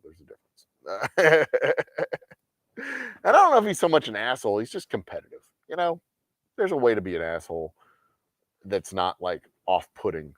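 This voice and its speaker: A man's voice: fairly low pitch, a bit bright, dry recording, clean studio sound. A man hosting a game night livestream, ranting in casual, profane talk and mocking people in sarcastic quoted voices. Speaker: host of a game night stream.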